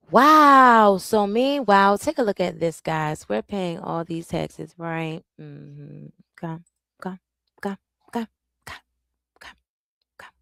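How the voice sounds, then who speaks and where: A woman hosting a casual live discussion, animated and repeating herself as she reacts and shares her screen. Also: lowish voice, a little slow, creaky, long pauses, dry recording. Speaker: host.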